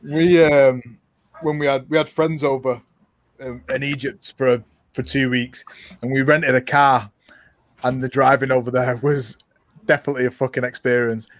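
A man's voice: mid-range voice, little pitch movement, moderate pace, dry recording. Man telling stories in a dry, close voice. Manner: laid-back storytelling with swearing and laughs. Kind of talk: casual chat.

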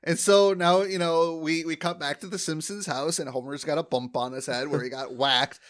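A man's voice: on the high side, fairly even intonation, normal speed, fairly bright tone. Chatty man recapping with fillers. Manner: rambling, many fillers, acts out quotes. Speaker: podcast co-host. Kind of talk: casual episode recap chat.

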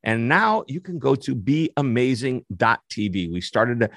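A man's voice: mid-range voice, very animated, moderate pace, fairly bright tone, dry recording, studio quality. A man hosting a business radio show, chatty and enthusiastic as he introduces his guest. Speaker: podcast host.

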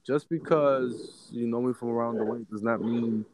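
A man's voice: mid-range voice, steady tone, normal speed, background noise. A man co-hosting a casual chat, blunt and dryly teasing. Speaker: podcast co-host.

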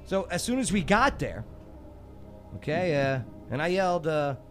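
A man's voice: on the high side, sing-song, normal speed, a bit bright, soft background music. A man hosting a radio show, playfully setting up pun riddles for his co-hosts. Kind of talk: joking trivia banter.

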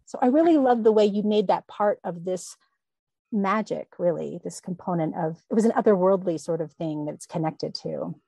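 A woman's voice: fairly low pitch, normal speed, creaky, warm tone, slightly rough, no room sound. A woman interviewing an author in a chatty, rambling, enthusiastic way. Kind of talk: casual conversation.

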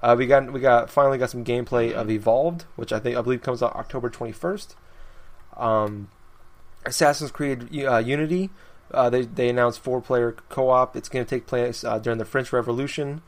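A young man in a relaxed gaming podcast chat, running down his notes in a loose, rambling way. He laughs often between points, and his voice sits at an ordinary middle pitch. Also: moderate pace. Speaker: podcast host.

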